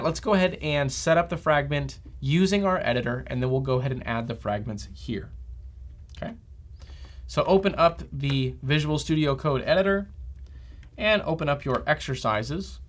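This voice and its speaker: A man teaching a front-end developer lesson as a screencast, talking steadily and checking in with a frequent "okay?". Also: fairly high pitch. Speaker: developer trainer. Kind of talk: software screencast tutorial.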